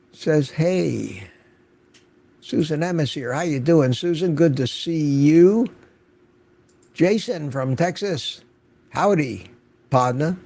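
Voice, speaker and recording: An older man hosts a casual livestream, reading out viewers' names and chatting with them. His voice has a gravelly edge and sits a bit high for a man. His talk is loose and unscripted. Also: warm tone. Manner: chatty, greeting viewers by name from the chat. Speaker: livestream host.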